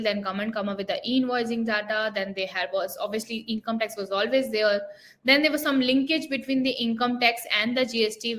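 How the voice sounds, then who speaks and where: A woman with an Indian English accent works through tax rules point by point in a somewhat high voice. She speaks as an expert explainer and keeps checking in with her listeners, tagging her points with a questioning "right?". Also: a bit bright. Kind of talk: explanatory talk.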